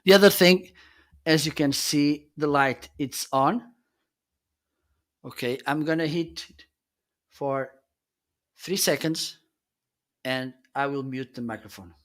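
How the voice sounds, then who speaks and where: Slightly high-pitched and fairly bright, this host takes it slowly and pauses often while showing off gear on a livestream. He explains things casually in slightly non-native English, frequently checking in with "okay."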